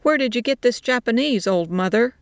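A woman reading a story voicing rough, shouting male soldiers. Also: sits high, expressive, takes it slowly, no echo, voice pushed up, full character voice. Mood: scornful. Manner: shouting, jeering.

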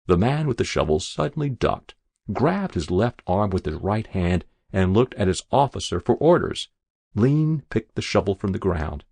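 A man reading a story aloud as narrator, in a measured, dramatic storytelling manner. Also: fairly low pitch, sing-song, creaky, darkish tone, husky, no room sound.

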